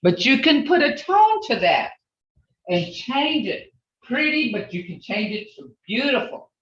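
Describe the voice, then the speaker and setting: A woman's voice: sits high, sing-song, a little slow. A woman teaching a language class over a video call, patiently repeating each word and drilling it. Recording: roomy, distant, dull video call audio.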